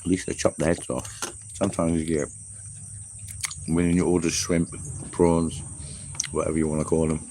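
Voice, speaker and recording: Speaking in a mellow, very deep, level voice at a moderate pace with long pauses, a man rambles chattily while eating during a casual travel livestream. He's a vlogger on the road in Southeast Asia, filmed by a camera in front of him amid noisy insects and traffic.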